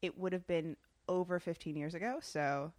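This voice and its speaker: A woman as a guest in a relaxed chat, describing things in an easygoing way and laughing readily. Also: lowish voice, moderate pace, no echo. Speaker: podcast guest. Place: indoors, sitting in a papasan chair with her dog.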